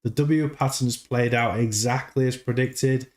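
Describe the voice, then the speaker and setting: A man hosts a casual livestream in a mid-pitched voice. He rambles, stumbles over repeated words and keeps his chat loose and chatty. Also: steady tone, moderate pace. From United Kingdom. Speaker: livestream host.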